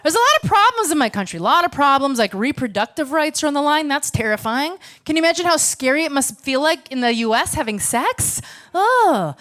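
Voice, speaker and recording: Brash American woman, high lively voice. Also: fairly quick. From United States. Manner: brash, sarcastic, profane. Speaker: stand-up comedian. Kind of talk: stand-up comedy set. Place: comedy club stage.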